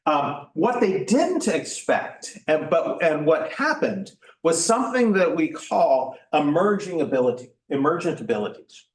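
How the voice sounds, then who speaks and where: A man giving a workshop talk in an informal lecture style, halting often with fillers and restarts. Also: fairly high pitch, very animated. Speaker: workshop presenter. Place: church meeting room. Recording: echoey room, mic at a distance.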